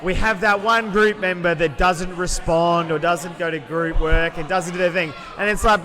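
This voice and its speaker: A young Australian man co-hosting a podcast, loud and rambling, with lots of fillers and restarts. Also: high voice, fairly even intonation, normal speed, hardly any pauses. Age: young adult. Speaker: podcast co-host. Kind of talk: casual chat.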